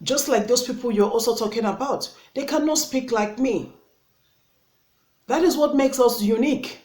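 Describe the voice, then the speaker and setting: A woman's voice: fairly high pitch, normal speed, darkish tone. A woman from Africa with an African English accent, scolding her critics in an opinion vlog, full of rhetorical questions. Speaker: YouTuber. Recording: echoey room.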